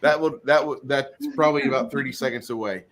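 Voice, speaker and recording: A man's voice: mid-range voice, steady tone, quick pace, a crowd in the background. Joking man running a noisy game stream. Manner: joking, crude banter. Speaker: game master and stream host. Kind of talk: casual chat at a tabletop game.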